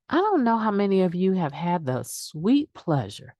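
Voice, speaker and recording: A woman's voice: medium pitch, animated, measured pace, hardly any pauses, darkish tone, no room sound. A middle-aged woman speaking candidly at a recovery meditation, sharing her own experience in a conversational way. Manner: candid, conversational, acts out quoted excuses. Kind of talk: daily meditation reading and sharing.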